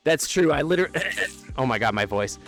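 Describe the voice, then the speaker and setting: This man's voice is medium-pitched and a bit bright as he livestreams from outdoors by an amphitheater. His chat is casual and rambling, with sentences left unfinished and frequent laughter.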